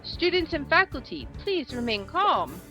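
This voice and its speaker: A woman's voice: sits high, sing-song, a little slow, music in the background, pitched above the performer's own voice. A woman voicing an older male headmaster making a formal intercom announcement in a game. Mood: urgent.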